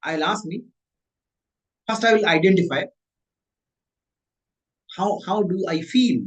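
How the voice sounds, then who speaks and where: A man, a mindset coach giving a motivational talk, repeating and rephrasing his points with animated emphasis. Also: a little high, unhurried, pauses often, poor audio.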